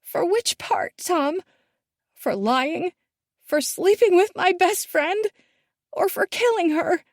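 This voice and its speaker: A woman's voice: lively intonation, takes it slowly, dry recording, clean studio sound, heavily acted. A woman voicing a distraught teenage girl on a cliff edge, sobbing and accusing. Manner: sobbing, accusing, high and strained.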